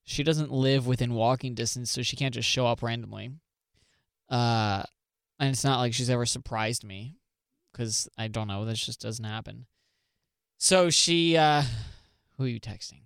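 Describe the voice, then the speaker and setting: A man's voice: medium pitch, moderate pace, gravelly, fairly bright tone, smooth, no echo, clean studio sound. A young man co-hosting a podcast in casual chat, joking and swearing freely. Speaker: podcast co-host.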